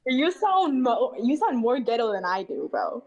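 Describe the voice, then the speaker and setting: A woman's voice: on the high side, sing-song, a little slow, darkish tone, lo-fi sound. A woman on speakerphone in playful, swearing banter. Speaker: caller. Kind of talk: casual chat on speakerphone.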